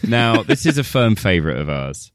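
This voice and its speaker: A man's voice: on the low side, sing-song, normal speed, clear, resonant tone, dry recording, studio quality. A man co-hosting a casual film podcast, joking and laughing often. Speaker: podcast co-host.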